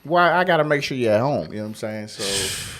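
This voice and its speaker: A man's voice: mid-range voice, lively intonation, a little fast, fairly bright tone. Slangy, laid-back male podcast host. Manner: slangy, laid-back, repeats "you know what I'm saying". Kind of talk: casual podcast interview.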